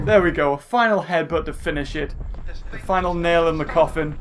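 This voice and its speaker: Excitable man with a high voice. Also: brisk. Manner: excitable, yells and swears at the game. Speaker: gaming channel host. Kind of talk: let's play commentary. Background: video game music.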